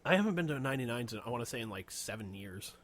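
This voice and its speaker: A man's voice: medium pitch, expressive, very fast, fairly bright tone. A man co-hosting a casual podcast chat, rambling, swearing a lot and laughing often. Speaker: podcast co-host.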